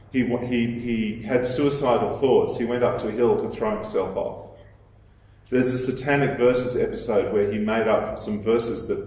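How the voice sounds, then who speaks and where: A man giving a lecture in a measured, explanatory way, with fillers and restarts as he thinks aloud. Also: fairly low pitch, darkish tone. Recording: echoey hall, voice from a distance.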